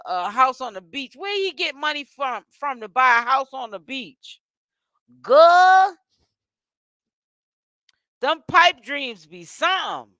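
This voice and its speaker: A woman's voice: high-pitched, sharp tone, no echo. A woman hosting a casual gossip commentary vlog, sassy and chatty, tired and yawning while she talks. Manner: sassy and chatty, calls listeners honey and child. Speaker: host.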